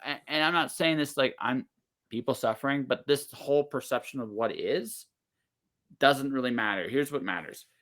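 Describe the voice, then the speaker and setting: A man's voice: mid-range voice, moderate pace, a bit bright. A man in his forties in casual podcast conversation, blunt and emphatic, swearing freely and often cutting himself off mid-sentence. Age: 40s.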